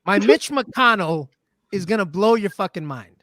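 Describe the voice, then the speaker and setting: A man performing a comedy sketch as an indignant, self-important character who speaks in deadpan. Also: high-pitched, moderate pace, no room sound.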